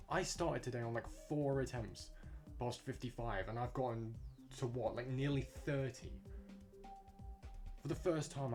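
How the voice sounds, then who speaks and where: A young man, giving frustrated, swear-filled commentary on his own gameplay. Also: medium pitch. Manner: frustrated, swearing rants to himself. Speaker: gamer. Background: music.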